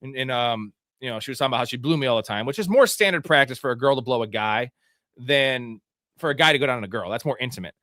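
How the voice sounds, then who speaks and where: A man's voice: medium pitch, animated, fast, bright, forceful tone, no room sound, studio quality. A young man co-hosting a live sports stream, telling crude stories in a rambling way with lots of fillers. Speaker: co-host. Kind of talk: casual live-stream chat.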